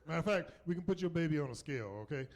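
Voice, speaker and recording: Onstage at a comedy club, this middle-aged Southern U.S. man delivers his set rapid-fire. He mocks the people he quotes by switching to high-pitched voices.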